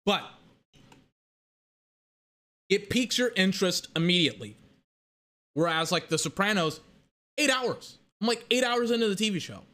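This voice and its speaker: A man ranting casually to camera about a TV series, rambling and animated, with lots of restarts and fillers. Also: high-pitched, moderate pace, pauses often. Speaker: vlogger reviewing a TV series.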